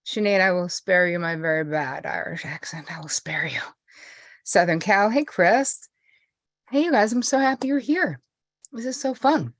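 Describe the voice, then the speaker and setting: A middle-aged American woman, a host and therapist, greets viewers by name in a chatty, bubbly way before leading a meditation on a live stream from indoors at home. Her medium-pitched voice moves at normal speed in a dry, clean studio-quality recording.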